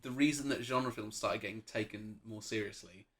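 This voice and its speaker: A man's voice: fairly low pitch, normal speed, fairly bright tone. A man co-hosting a casual film review chat, thoughtful and wry, laughing at his own jokes.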